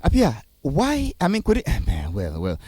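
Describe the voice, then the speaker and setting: Ghanaian man, radio host, calm, mid pitch, dry close mic. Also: measured pace, husky, dry recording. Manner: reads out comments, tries to calm guest. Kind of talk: radio talk show hosting.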